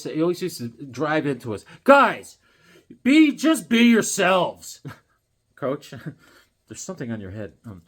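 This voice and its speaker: A man in his fifties talks casually to camera in a rambling, jokey way, slipping into silly voices now and then. His voice sits a little high for a man. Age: 50s. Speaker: comic collector and hobby artist.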